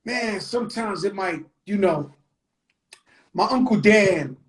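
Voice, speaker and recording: A man's voice: sits high, lively intonation, slow pace. A man hosting a talk show, chatting casually, with blunt, profane remarks and preachy asides. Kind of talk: casual chat.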